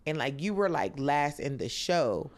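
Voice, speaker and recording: A woman, a comedian appearing as a podcast guest, talks casually and retells stories in an animated way, using a lot of "like" fillers. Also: low voice, unhurried. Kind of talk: casual chat.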